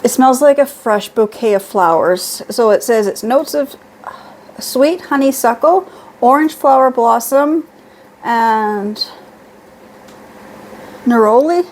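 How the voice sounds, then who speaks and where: A middle-aged woman with a fairly high voice talks her way through a shopping haul at home. She reads out labels and prices in a chatty, easygoing way. A faint hum sits under her voice. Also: expressive, slow, long pauses, darkish tone. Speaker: beauty vlogger. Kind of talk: casual product haul.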